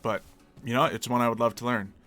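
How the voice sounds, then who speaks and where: American guy on a live stream, chatty, bright forceful voice, faint music behind. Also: mid-range voice, fairly even intonation, fast talker. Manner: chatty, answers chat requests aloud. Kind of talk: casual live-stream chat. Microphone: desk mic.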